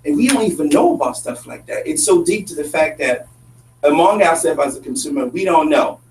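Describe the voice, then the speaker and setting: A man's voice: fairly high pitch, animated, brisk, darkish tone. A man with a French accent talks as an interview guest, his voice coming from a distance in a roomy space over a faint hum. He speaks with passion and emphasis and keeps circling back to repeat his points. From Congo. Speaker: guest activist. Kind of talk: earnest conversational interview.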